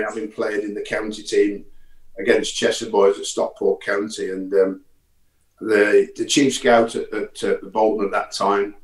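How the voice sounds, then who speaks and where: A man's voice: fairly low pitch, reverberant, poor audio. An older man from the English Midlands, a guest in a casual chat, telling his story in a plain-spoken way with small hesitations. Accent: faint Midlands, softened by years in the Northwest.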